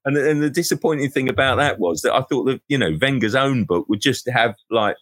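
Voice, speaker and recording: A man co-hosting a podcast, chatting casually with quick, wry asides. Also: mid-range voice, a bit bright, no echo. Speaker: podcast co-host. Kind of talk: casual chat.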